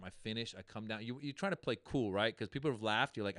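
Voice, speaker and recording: Smooth-voiced man telling a lively story. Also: on the low side, fast talker, dry recording. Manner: animated storyteller who acts out the people he quotes. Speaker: guest comedian. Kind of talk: casual storytelling chat.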